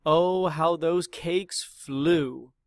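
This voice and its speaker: A man reads a rhyming children's picture book aloud with a lot of expression. His delivery is very slow and unhurried, and his voice sits a little high. The recording is dry and close to the mic. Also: no room sound. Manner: expressive, dramatic read-aloud. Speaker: storyteller.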